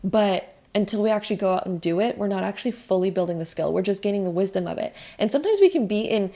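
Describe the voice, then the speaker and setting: A young woman giving a casual spiritual tarot card reading, gentle and rambling with many fillers. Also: mid-range voice, lively intonation, quick pace.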